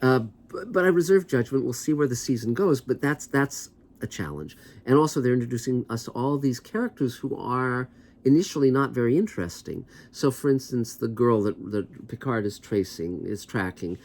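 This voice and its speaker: A man's voice: mid-range voice, normal speed, darkish tone. A man, a TV writer hosting his own show, giving casual, rambling commentary with a wry, skeptical edge. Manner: rambling, conversational, many asides.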